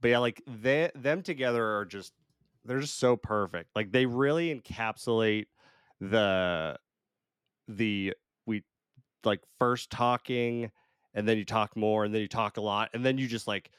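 A man co-hosting a podcast in casual chat, relaxed and halting, often repeating words as he starts. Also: lowish voice, clear, resonant tone, no echo, studio quality. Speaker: podcast co-host.

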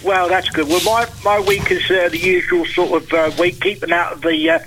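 A man's voice: high-pitched, steady tone, moderate pace, fairly bright tone, slight background noise, poor audio. A man, a regular guest on a local radio show, chatting casually and often repeating and restarting his words. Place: local radio studio, on the phone.

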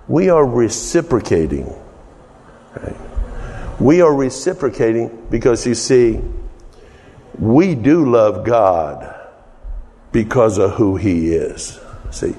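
A man's voice: medium pitch, mellow. A man preaching a teaching sermon in a folksy way, joking with the congregation and often repeating words as he restarts. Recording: long reverb of a hall.

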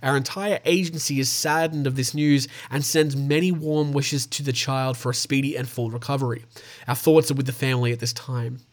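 A man's voice: medium pitch, fairly even intonation, fairly quick. A man with an Australian accent hosting a casual show, reading out animal news stories and tossing in swearing asides. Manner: stumbles over names, swears in asides.

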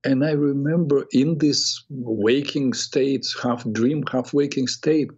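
An older man, a psychotherapist hosting a talk show, telling a personal story in an earnest, reflective way with halting restarts. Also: medium pitch, darkish tone, breathy edge. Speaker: radio show host and psychotherapist. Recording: dull lo-fi radio audio.

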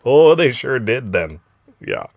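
A man hosting a casual family podcast, relaxed and chatty, often checking in with "right?". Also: medium pitch, slow pace, gravelly, no room sound. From grew up among Norwegian Americans. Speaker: podcast host.

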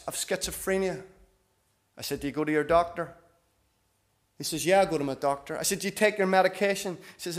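A middle-aged man telling a story in a sermon, often rising and getting louder for emphasis. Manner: animated, rises in pitch and volume for emphasis. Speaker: visiting preacher.

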